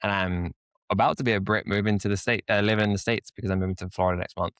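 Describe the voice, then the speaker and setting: A man with a London English accent, a guest telling a story in a relaxed podcast chat. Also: fairly low pitch, very fast, no echo. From England. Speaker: guest, co-founder. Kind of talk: casual podcast conversation.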